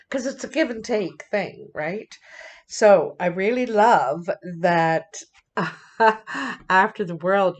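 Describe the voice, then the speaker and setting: A woman giving a casual tarot reading in an unhurried, rambling way. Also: lowish voice. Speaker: tarot reader.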